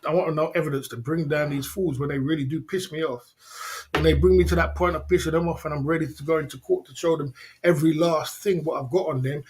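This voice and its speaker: A man hosting a livestream, ranting indignantly in slangy, repetitive casual talk with frequent laughs. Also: fairly high pitch. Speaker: livestream host.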